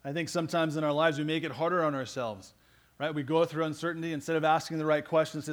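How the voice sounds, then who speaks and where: A man's voice: fairly high pitch, steady tone, quick pace. Earnest man preaching a sermon. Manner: earnest, rising to emphatic. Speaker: pastor.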